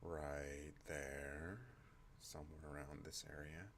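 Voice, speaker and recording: A man hosting an ASMR channel, talking in a slow rambling way and drifting off on tangents. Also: slight background noise. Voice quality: deep relaxed voice. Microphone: non-binaural desk microphone.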